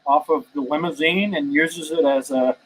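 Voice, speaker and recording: A man's voice: on the high side, steady tone, normal speed, very noisy. A man co-hosting a casual live stream from a garage, reading out viewer comments and making easygoing jokes. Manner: joking, easygoing. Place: home garage.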